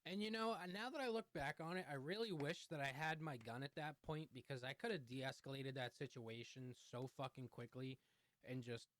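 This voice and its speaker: A man's voice: medium pitch, moderate pace, a bit bright. A young man telling a heated, profanity-heavy story in a storytime vlog. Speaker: vlogger.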